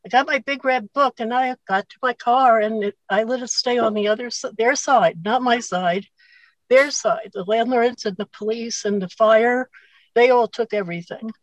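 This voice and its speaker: A woman's voice: fairly high pitch, normal speed, no room sound, low-quality recording. A woman sharing at an online recovery meeting from her car, earnest and rambling, full of gratitude.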